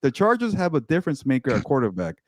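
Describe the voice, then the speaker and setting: A man co-hosting a casual sports talk show, excitable and quick, often repeating words as he goes. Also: mid-range voice, dry recording, clean studio sound. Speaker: co-host and team reporter.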